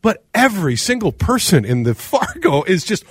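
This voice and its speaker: A man from Minnesota with a Minnesotan accent, co-hosting a radio show in casual, animated talk. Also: sits high, moderate pace, slightly rough. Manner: animated, ranting, mimics accents. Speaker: radio co-host.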